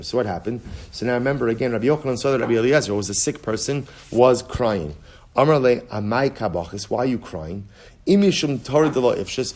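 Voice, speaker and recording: A rabbi teaching a daily Talmud lesson, reading Aramaic lines and translating them, repeating key phrases and building intensity to make a point. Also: male voice, mid-range voice, darkish tone. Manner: rises in intensity when driving home a point. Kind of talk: Talmud lesson, explaining text aloud.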